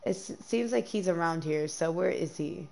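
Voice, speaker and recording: Young woman, gameplay streamer, casual chatter, gravelly, lots of ums. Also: fairly low pitch, moderate pace, warm tone. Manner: chatty, frequent ums, easily dismayed.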